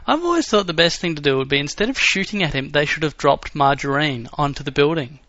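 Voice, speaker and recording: Bright-voiced Australian man rambling jokes. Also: on the high side, lively intonation, fast talker, no echo. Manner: rambling, absurd jokes, trails off. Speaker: podcast co-host. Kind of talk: casual podcast banter. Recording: dry dull lo-fi audio with faint music.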